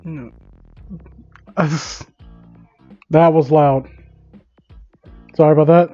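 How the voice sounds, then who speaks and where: High-voiced man reading stumblingly. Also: steady tone, very slow, dark tone, muffled recording, soft background music. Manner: stumbling, laughing, rambling asides. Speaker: YouTuber reading fan fiction aloud. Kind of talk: comedic reading with asides.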